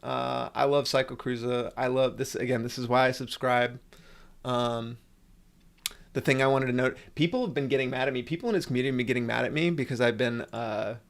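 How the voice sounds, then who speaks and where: A man's voice: medium pitch, fairly even intonation, brisk, creaky. A man hosting a casual livestream, ranting with sarcasm and frequent swearing. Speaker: livestream host.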